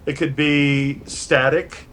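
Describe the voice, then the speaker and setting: An older man from New York talks over a video call from his home studio, his voice sitting a little high for a man. He tells his stories in an animated, rambling way and keeps restarting his sentences. A faint hiss of noise runs underneath. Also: slow pace. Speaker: guest musician and producer. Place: home studio full of synth gear.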